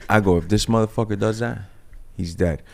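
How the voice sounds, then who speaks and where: A man telling a fight story on a podcast, brash and profane, animated as he acts out the scene. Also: fairly low pitch, fairly quick, vocal fry. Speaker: guest fighter.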